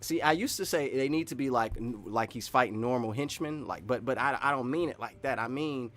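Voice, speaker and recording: A man giving casual, excitable live-stream commentary while wearing earphones, rambling and swinging between loud and soft. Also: medium pitch, brisk. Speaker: streamer reacting to game news.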